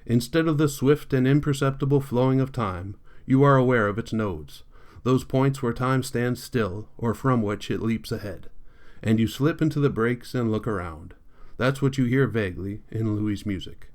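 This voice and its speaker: A man reading a novel aloud as an audiobook narrator, in a measured literary manner. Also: mid-range voice, a little mellow. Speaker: audiobook reader. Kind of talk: scripted narration.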